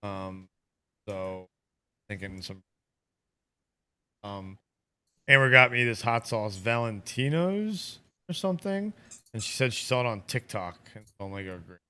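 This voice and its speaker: A man's voice: on the low side, animated, measured pace, long pauses, sharp tone, smooth. A man hosting a casual watch-party chat with friends, rambling and laughing often. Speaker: host.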